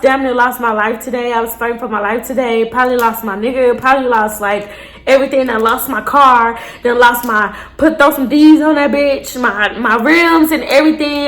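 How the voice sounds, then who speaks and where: A young woman casually telling a story to her viewers, animated and blunt, with profane slangy asides. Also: on the high side, roomy sound. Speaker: storytime vlogger. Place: indoors, seated on a chair.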